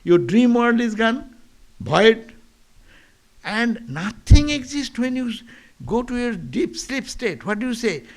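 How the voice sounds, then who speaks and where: Male monk, high voice, philosophical sermon with chant-like repetition and rhetorical questions. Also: big pitch swings, slow. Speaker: monk giving a lecture. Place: monastery lecture.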